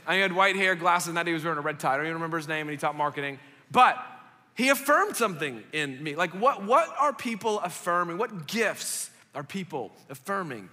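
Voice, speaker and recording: Lively young man preaching in a church hall. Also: a little high, quick pace. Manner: animated storytelling with asides to the crowd. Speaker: pastor. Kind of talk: casual sermon to young adults.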